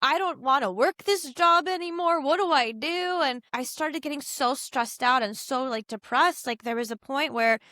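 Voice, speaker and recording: A young woman talks through a personal story in an interview, bright and crisp, her voice sitting a touch higher than most. She rambles in a casual, chatty way, slipping into quoted voices of the people around her. The sound is dry and close, with no room around it. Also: normal speed, few pauses, no room sound. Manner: chatty, heavy use of "like" and "you know", animated quoting of others. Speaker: podcast guest.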